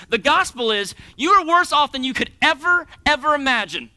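Guy preaching hard, high bright voice, swoops way up and down. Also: expressive, normal speed, hardly any pauses. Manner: impassioned, swings between loud pleading and hushed near-whispers. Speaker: pastor. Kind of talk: sermon.

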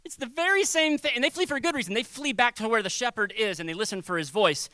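A man preaching a sermon as a pastor, conversational and animated, acting out little quoted voices. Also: extremely high pitch, fast talker, no echo.

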